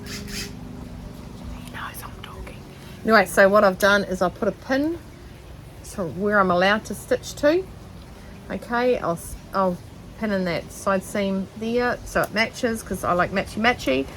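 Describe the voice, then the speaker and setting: A middle-aged woman with a New Zealand accent talks through her sewing outdoors on a shaded deck. She rambles cheerfully, pokes fun at herself and fills her pauses with ums. Her voice sits at an ordinary pitch, with faint noise in the background. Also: rough recording. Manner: rambling and self-mocking, with many ums. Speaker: sewing vlogger. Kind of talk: casual chatty vlog.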